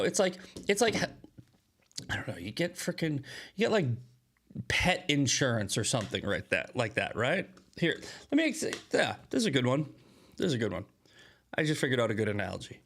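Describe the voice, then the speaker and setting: A man hosting a casual live-stream commentary, rambling and blunt, often jumping into loud, high mocking voices. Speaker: political commentary host.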